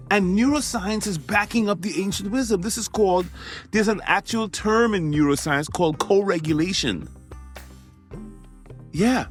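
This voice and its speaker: Animated male podcast host. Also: high-pitched. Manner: emphatic, conversational, repeats phrases for effect. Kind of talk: motivational podcast monologue.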